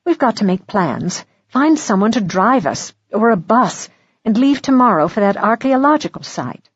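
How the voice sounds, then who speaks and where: A woman narrator voicing an older grandmother spy who speaks in quick, anxious exclamations. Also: fairly high pitch, very animated, breathy edge, no echo, muffled recording. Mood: urgent.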